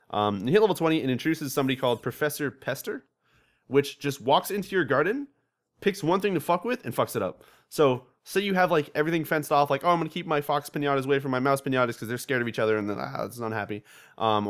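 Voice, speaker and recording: A young man hosting a casual gaming podcast, telling animated stories with lots of swearing and laughter. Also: mid-range voice. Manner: fast, animated storytelling with frequent swearing and laughter. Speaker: podcast host.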